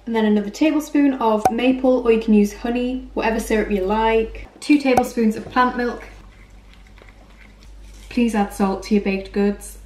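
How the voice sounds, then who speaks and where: A woman's voice: a little high, fairly even intonation, moderate pace, reverberant, background noise. A young woman walking through recipes in her home kitchen, chatty and self-mocking. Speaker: cooking vlogger. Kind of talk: casual recipe walkthrough.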